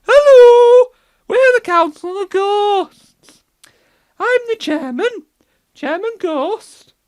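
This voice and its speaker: A man voicing a bossy ghost who chairs a council of ghosts, in a high hooting wail. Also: a little mellow, full character voice.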